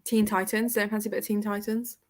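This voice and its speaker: A woman chats easily while hosting a reading livestream. She reads out viewer comments as she goes and breaks into laughter a lot. Her pitch sits in a middle range. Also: little pitch movement, quick pace. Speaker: livestream host. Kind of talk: casual chat.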